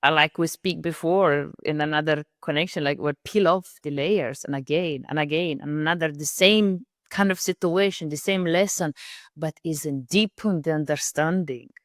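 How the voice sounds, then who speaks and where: Female host, very low voice, halting and reflective, dry close mic. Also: dry recording. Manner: thoughtful and halting, with soft laughs. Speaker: podcast host. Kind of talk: reflective conversation.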